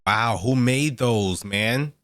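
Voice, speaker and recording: A man's voice: medium pitch, takes it slowly, over loud music. A man hosting a reaction video, talking casually and often breaking into exclamations. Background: show audio playing.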